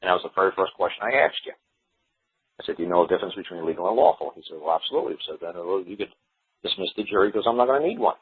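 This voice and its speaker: A husky man with a low voice, rattling off a story at a quick clip and acting out each quoted person. The sound is narrow and lo-fi, like a phone line on radio. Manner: animated retelling, acts out quotes of others. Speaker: radio show speaker. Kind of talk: storytelling on a radio call-in show.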